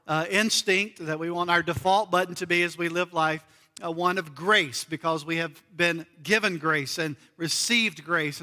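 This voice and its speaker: A man's voice: on the high side, sharp tone, long reverb tail. A man from the United States preaching a sermon as pastor in a church, earnest and repeating key phrases for emphasis. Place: church sanctuary.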